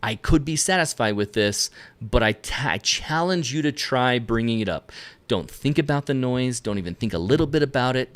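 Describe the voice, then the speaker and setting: A man hosting a live-stream photography tutorial, talking straight to viewers with energy and quick asides to himself. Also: on the low side, smooth. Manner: energetic, talks to viewers directly with self-directed asides. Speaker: photography instructor. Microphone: camera lens mic, at a desk facing the camera.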